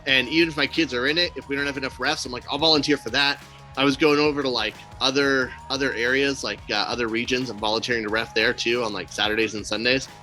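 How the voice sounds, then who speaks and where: This is a fast-talking man with a mid-range voice, heard over soft background music. As co-host of a laid-back podcast, he spins lively stories, acts out what people said, and adds blunt, profane remarks.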